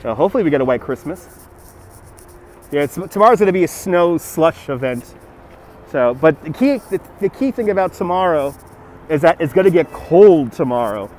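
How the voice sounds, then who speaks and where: A livestream host from Brooklyn, New York chats casually outdoors by a city river, filming on a gimbal-mounted phone as he reads viewer messages aloud and thanks donors. He sounds a little high and animated, moving at a moderate pace with a somewhat mellow tone, plus a little hiss or hum.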